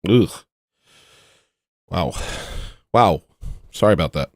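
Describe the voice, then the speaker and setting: Give me a self-mocking man chatting on a livestream, with a fairly low voice. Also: lively intonation, slow, a little mellow, no echo, clean studio sound. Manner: rambling, joking, self-mocking. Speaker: livestream host. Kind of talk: casual livestream chat.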